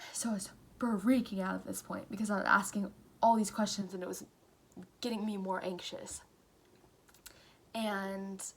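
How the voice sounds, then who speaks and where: Teen girl vlogger, earnest storyteller who slips into whispers, faint hiss behind her. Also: mid-range voice. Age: late teens. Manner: earnest, tells story with quoted dialogue, drops to whispers at times. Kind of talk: personal storytime.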